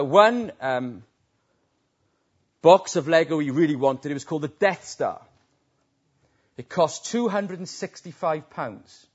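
A man preaching a sermon, telling stories that swell into loud, emphatic peaks. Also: fairly high pitch. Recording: dull lo-fi recording.

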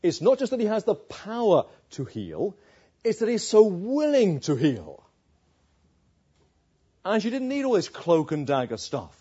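Lively, high-voiced man preaching a sermon. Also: measured pace, pauses often, slightly rough, highs cut off. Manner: emphatic, asks rhetorical questions.

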